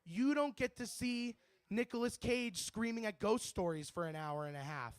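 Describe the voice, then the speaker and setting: A young man with a high, smooth voice, riffing through a brash stand-up routine that rambles and swears freely. The sound is dry and close, with almost no room echo. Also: moderate pace. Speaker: stand-up comedian. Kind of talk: stand-up comedy set. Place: bar open-mic stage.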